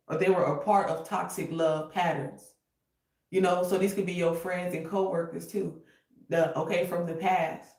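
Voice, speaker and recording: A woman's voice: fairly low pitch, recorded from a distance. A woman reads tarot for her viewers in loose, unscripted talk. She gets emotional, curses freely, and drifts into snatches of song. Her voice sits a little back from the mic in an echoey room. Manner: emotional, cursing, breaks into singing. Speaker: tarot reader. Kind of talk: casual tarot reading livestream. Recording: roomy echo, voice a bit off-mic.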